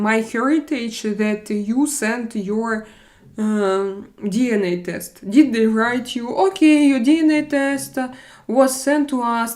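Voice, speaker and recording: A woman with a Russian accent hosts a relaxed live-stream chat and talks to her viewers. She speaks slowly, in a slightly high voice, and hesitates, stumbles and restarts as she goes. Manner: halting, hesitant, many fillers and restarts. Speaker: livestream host reading chat.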